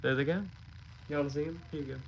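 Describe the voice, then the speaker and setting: A man's voice: on the high side, fairly even intonation, rapid-fire, vocal fry, a little hiss or hum. A man hosting a livestream, chatting casually, swearing and laughing between rambling remarks. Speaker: livestream host.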